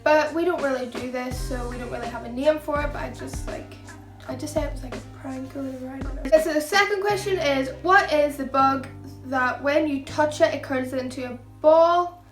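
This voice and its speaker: A woman's voice: sits high, brisk. A young woman with a Northern Irish accent, chatting casually to camera as a vlogger. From Northern Ireland. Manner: chatty, many fillers. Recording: echoey room with faint music.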